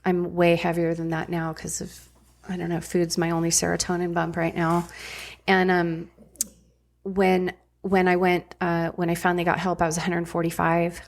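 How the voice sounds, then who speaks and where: A woman's voice: lowish voice, monotone, moderate pace. A middle-aged woman, a podcast guest and former ER nurse, telling her story candidly in a blunt, casual way with frank swearing.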